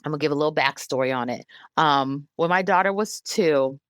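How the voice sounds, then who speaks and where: A woman in her thirties, a guest on an interview show, speaking candidly and earnestly, growing animated when she quotes other people. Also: sits low, a little fast, no room sound, clean studio sound. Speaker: guest, emotional wellness advocate.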